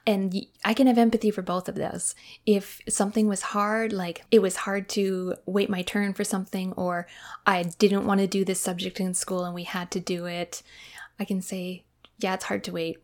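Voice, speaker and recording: A woman in her thirties hosting a casual podcast monologue, earnest and reflective, often dropping into a soft whisper. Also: mid-range voice, level tone, moderate pace. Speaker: podcast host.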